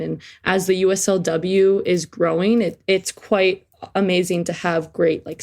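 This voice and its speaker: A woman's voice: lowish voice, a little mellow. A young woman in her twenties, a soccer player answering interview questions in an earnest, upbeat way with frequent fillers. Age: 20s.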